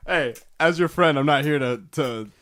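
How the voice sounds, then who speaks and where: A young man co-hosting a podcast, chatting casually and teasing his friend. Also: fairly high pitch. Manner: quick, animated, teasing. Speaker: podcast co-host. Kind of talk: casual chat.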